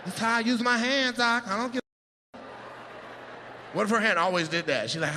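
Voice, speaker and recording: A man's voice: high voice, moderate pace, pauses often, bright, forceful tone, a little hiss or hum. A man doing stand-up crowd work in a comedy club, teasing the audience in a loose, profane way.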